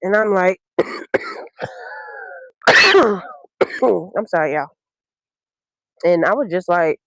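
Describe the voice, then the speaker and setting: A woman from Brooklyn, hosting a podcast and telling a personal story in a candid, slangy, unhurried way with many ums. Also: on the low side, no room sound, rough recording. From Brooklyn, New York. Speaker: podcast host.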